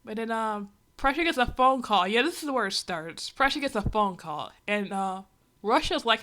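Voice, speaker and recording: A woman's voice: on the high side, lively intonation, normal speed, a bit bright. A woman streamer giving a rambling, sarcastic, exasperated running commentary on a comic. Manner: rambling with many asides. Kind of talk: casual reaction commentary on a comic.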